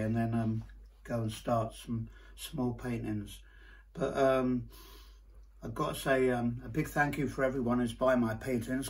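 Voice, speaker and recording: A man in casual chat to camera, showing his paintings with a hesitant manner and many pauses. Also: mid-range voice, poor audio. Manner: hesitant, many ums and restarts.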